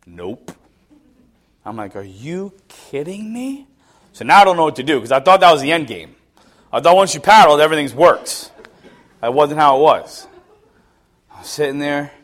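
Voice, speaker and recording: A middle-aged man preaching a sermon, telling stories with self-mocking laughs, dropping to low mutters and rising to loud, high exclamations. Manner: laughs at himself between lines. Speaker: pastor.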